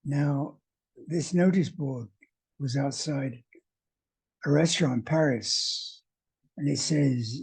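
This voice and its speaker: A male English teacher presenting a video lesson at a slow, deliberate pace. His voice is mellow and a little husky, and his manner is wry. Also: medium pitch.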